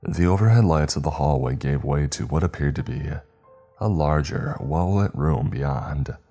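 In an extremely deep, low voice, a man reads a horror story at a calm, even pace, with soft music playing faintly underneath.

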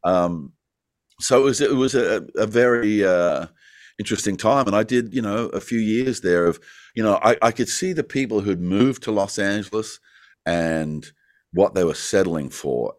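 A middle-aged Australian man with a very low voice tells rambling stories as an interview guest. He leans on "you know" and breaks into laughs as he goes. He is recorded close and dry, with almost no room sound. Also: dry recording. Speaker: actor guest. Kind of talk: casual interview storytelling.

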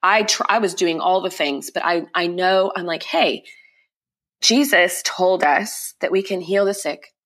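A young woman guest on a podcast, telling her personal testimony in an emotional, quick retelling full of repeated phrases. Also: on the low side, a bit bright.

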